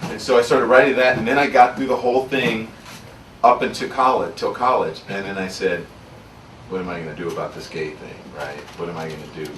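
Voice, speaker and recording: A man's voice: lowish voice, steady tone, fairly quick, fairly bright tone, slight background noise. A man from Louisiana, an author speaking candidly to an audience at a book signing, telling his story in an earnest, reflective way. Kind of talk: candid personal talk to an audience. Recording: roomy sound from far off, faint ambience.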